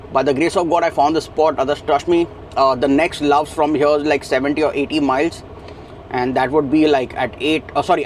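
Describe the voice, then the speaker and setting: A man's voice: on the high side, a little hiss or hum. A young adult man vlogging casually from his truck cab, talking in a rambling, chatty way with many fillers and restarts. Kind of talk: casual vlog chat.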